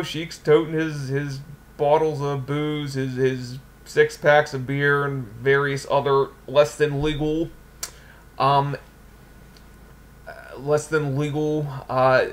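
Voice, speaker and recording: A man casually telling an anecdote in an animated way, laughing often. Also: fairly high pitch. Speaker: storyteller.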